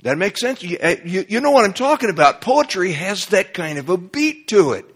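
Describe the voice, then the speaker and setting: Husky-voiced preacher guy, slightly high, chatty sermon, keeps asking "okay?", gets louder and higher when worked up. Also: moderate pace. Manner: conversational, asks the congregation "okay?"; rises in pitch and volume when animated.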